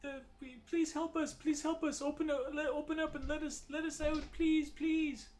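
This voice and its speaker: A man voicing a panicked trapped woman who frantically pleads and shouts to be let out. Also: extremely high pitch, little pitch movement, moderate pace, voice pushed up. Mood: desperate.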